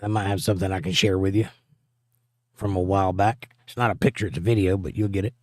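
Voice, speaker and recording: A man's voice: low-pitched, fairly even intonation, fast, a little mellow, no room sound. A male livestream host reading viewer comments aloud and answering them with dry, joking asides in a casual chat.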